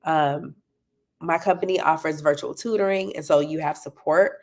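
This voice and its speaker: Gravelly-voiced woman coaching parents. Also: sits low, normal speed, a little mellow. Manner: encouraging, checks in with listeners often. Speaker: parenting coach and tutoring business owner. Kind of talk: talk to parents, promoting an event.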